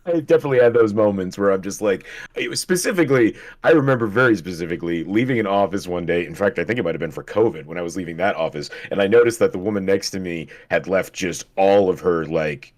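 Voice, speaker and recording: A man with a somewhat low voice co-hosts a podcast in relaxed, casual chat. He chuckles often and swears offhandedly. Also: fast talker. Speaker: podcast co-host.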